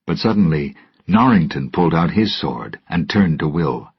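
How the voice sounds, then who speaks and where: Deep husky man, storybook narrator, slow careful reading, dull lo-fi recording. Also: lively intonation, no echo. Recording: dull lo-fi, dry.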